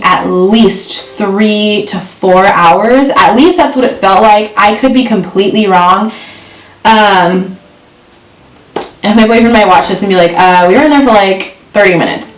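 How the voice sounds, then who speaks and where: A woman's voice: mid-range voice, a little slow. A woman vlogger telling a personal story in a candid, earnest way. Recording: roomy echo from far off, faint music.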